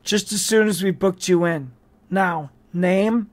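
An audiobook reader voicing a gruff, suspicious male police sergeant who growls his questions. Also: medium pitch, takes it slowly, natural voice.

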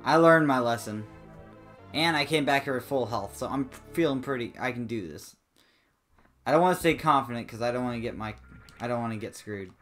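A man commentates a let's play at a brisk clip, hamming it up with comic drama and excitement and yelping in high, squeaky bursts as game music plays softly.

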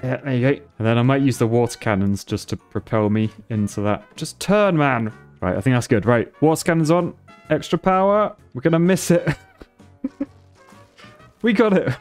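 A man's voice: medium pitch, lively intonation, normal speed, a little mellow, faint music behind. A man commentating his gameplay on a stream, thinking aloud and laughing often.

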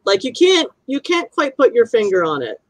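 A woman's voice: on the high side, big pitch swings, moderate pace, no echo, rough recording. A woman narrating a tabletop role-playing game as game master, chatty and descriptive with many fillers.

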